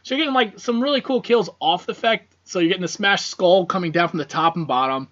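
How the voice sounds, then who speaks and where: A man's voice: high voice, fast talker, a bit bright. A man co-hosting a casual horror film podcast, who rambles with lots of fillers and swears freely. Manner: rambling, profane, many fillers. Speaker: podcast co-host. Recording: dull lo-fi podcast audio.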